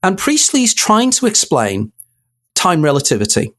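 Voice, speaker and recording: A man's voice: on the high side, wildly swooping pitch, unhurried, a bit bright. A man, a guest in an interview, telling a story with animation and acting out quoted dialogue. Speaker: guest author.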